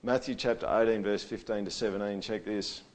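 Pastor preaching a conversational sermon. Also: male voice, fairly low pitch, fairly even intonation, fairly quick. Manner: conversational, keeps asking "all right?", voice swings loud and soft.

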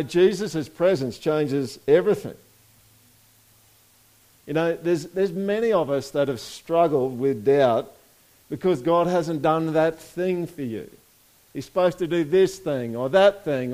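A man's voice: fairly high pitch, darkish tone. A man preaching a sermon in a casual, conversational way, asking the congregation for responses and reading scripture aloud. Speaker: pastor.

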